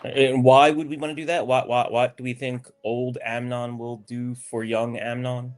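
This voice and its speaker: A man's voice: mid-range voice, flat delivery, normal speed, natural voice. A man voicing a stern, proud male celestial warrior in a tabletop role-play, speaking in a haughty, clipped way. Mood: scornful.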